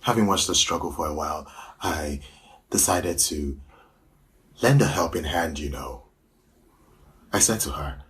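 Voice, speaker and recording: A man performing a comic storytelling monologue and pausing for dramatic effect. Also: rumbling low, fairly bright tone. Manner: deliberate storytelling with dramatic pauses. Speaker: actor.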